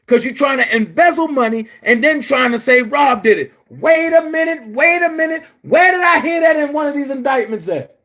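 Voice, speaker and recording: Brief: man, very high voice, angry profane commentary rant, frequent shouting, blunt and repetitive. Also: expressive, moderate pace. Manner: blunt and emphatic, repeats phrases. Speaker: online commentary host. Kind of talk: heated vlog rant.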